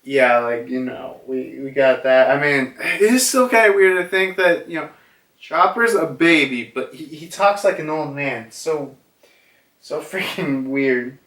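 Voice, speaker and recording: A man's voice: fairly high pitch, measured pace, fairly bright tone. A young man recapping a comic chapter in a casual, rambling way, full of fillers and acted-out character lines, recorded in a room at home. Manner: rambling, filler-heavy, acts out dialogue. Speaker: manga reviewer. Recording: roomy, from a distance.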